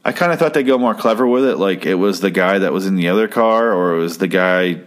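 A young man from Arizona chatting casually, rambling and profane, with deadpan jokes. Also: sits low, quick pace. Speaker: podcast host reviewing an episode. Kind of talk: casual chat.

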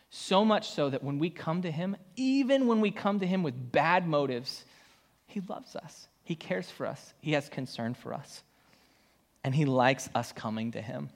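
A man preaching a casual sermon as pastor, talking loosely with slang and fillers. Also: mid-range voice. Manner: conversational, slangy, many fillers. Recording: long hall reverb.

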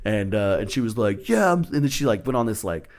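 A man's voice: on the low side, fairly quick. A man, a stand-up comedian, telling stories on a podcast in a loose, profane, laughing way. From Texas. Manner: profane, laughing, animated retelling. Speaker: guest comedian. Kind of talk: casual podcast storytelling.

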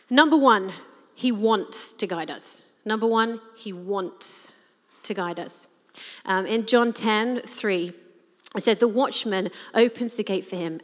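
A woman preaches in an earnest, conversational manner, pausing often on small fillers as she leads her listeners along. Her voice sits at an ordinary middle pitch. The sound carries a long reverb, as from a large hall. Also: fairly bright tone. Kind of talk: sermon.

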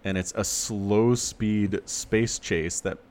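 A man co-hosting a podcast, in casual, animated chat with sarcastic asides. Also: lowish voice, slow pace, slight background noise. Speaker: podcast co-host.

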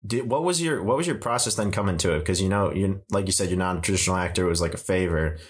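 A laid-back young man with a very low voice, chatting casually about his film work. He talks loosely, dropping "man" and "like" and the odd swear. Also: fast talker. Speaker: filmmaker hosting a podcast. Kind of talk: casual chat.

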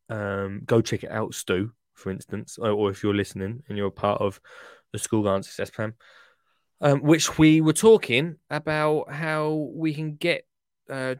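A man's voice: lowish voice, clear, resonant tone, dry recording, clean studio sound. A man hosting a podcast in a chatty, rambling, jokey way. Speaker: podcast host. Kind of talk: casual podcast chat.

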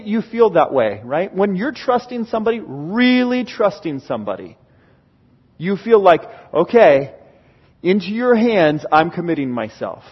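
A man with a high, somewhat husky voice preaches a storytelling sermon, acting out his exclamations with animation. He is recorded in a church sanctuary, and the sound is dull and lo-fi with a long hall reverb trailing each phrase. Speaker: pastor.

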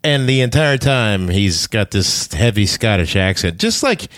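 A man hosting an interview, tossing in joking asides and quick quips. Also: fairly low pitch, expressive, a bit bright, dry recording, clean studio sound. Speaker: podcast host. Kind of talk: casual interview chat.

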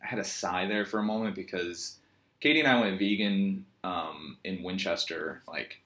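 A man with a Virginian accent and a very low voice talks straight to his viewers in a loose, meandering monologue. He drifts between stories and deadpan jokes, poking fun at himself along the way. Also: normal speed. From Virginia, USA. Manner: joking, meandering, self-mocking storyteller. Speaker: yoga teacher and vlogger. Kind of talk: rambling casual monologue.

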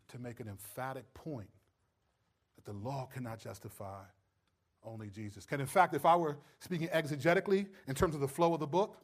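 A man preaching a sermon, stressing points loudly and then dropping to low, quiet asides. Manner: emphatic, swings between loud stresses and low quiet asides. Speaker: pastor.

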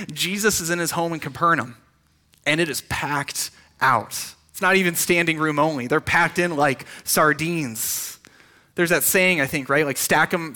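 A man preaching a sermon in a conversational way, with quick restarts and rhetorical questions. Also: on the high side, pushed and bright. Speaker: pastor.

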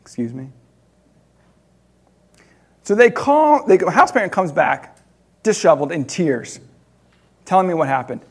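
A man preaching, telling a personal story in an animated way with laughter between loud and hushed moments. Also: high-pitched, moderate pace, slightly rough.

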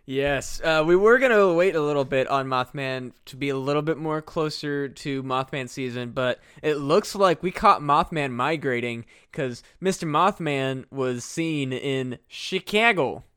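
Smooth, dry-sounding male podcast host. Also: fairly high pitch, a little slow, hardly any pauses, fairly bright tone, no echo. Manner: laid-back, swears a lot, laughs often. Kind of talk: casual comedic chat.

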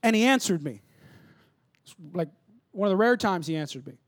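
A man's voice: high voice, expressive, fairly quick. A male pastor preaching a live sermon in a church, speaking emphatically and repeating his points to the congregation. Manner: emphatic and repetitive, exhorting the congregation.

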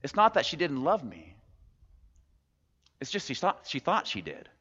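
A man's voice: a little high, huge pitch swings, measured pace, pushed and bright, slightly rough, full character voice. A man speaking as a worried, insecure male field mouse in a story told during a sermon. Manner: pleading, worried. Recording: dull recording with long hall reverb.

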